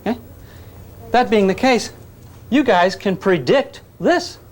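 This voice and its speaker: A man's voice: high-pitched, expressive, slow pace, slight background noise. A man teaching physics to a class, joking and coaxing the students while he demonstrates. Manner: jokey, coaxing, calls students gang.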